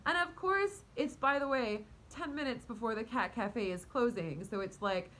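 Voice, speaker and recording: A woman casually telling a story to her viewers in a rambling, animated way, full of fillers, restarts and quick laughs. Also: on the high side, low-quality recording. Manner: talks to her cat mid-story. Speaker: vlogger and spiritual coach.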